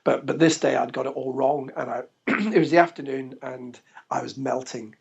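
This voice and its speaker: A man's voice: medium pitch, fairly even intonation, normal speed, creaky, husky. A man from England, a podcast guest, telling stories animatedly and laughing often. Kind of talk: casual interview storytelling. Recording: dull lo-fi podcast recording.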